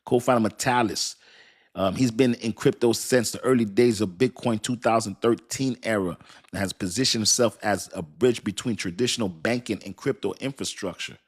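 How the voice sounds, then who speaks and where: A man's voice: fairly low pitch, moderate pace, husky. A man hosting a casual crypto live stream, talking loosely and repeating himself as he reads aloud and answers his chat, often laughing. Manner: laughs often and thinks aloud while reading. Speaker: crypto livestream host.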